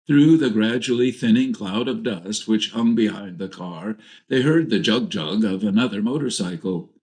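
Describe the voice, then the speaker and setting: A man with a lowish voice reads a crime novel aloud. His narration is steady and measured. He delivers it as scripted audiobook reading.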